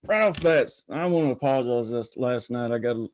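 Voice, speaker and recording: Mellow-voiced folksy male host. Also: medium pitch, fairly quick. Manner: folksy, rambling, greets viewers by name. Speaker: podcast host. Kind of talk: casual live-stream chat.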